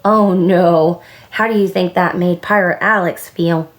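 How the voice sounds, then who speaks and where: A woman, a preschool director, reading a storybook aloud at children's story time, slow and gentle and pausing to ask the little listeners questions. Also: on the low side, fairly even intonation.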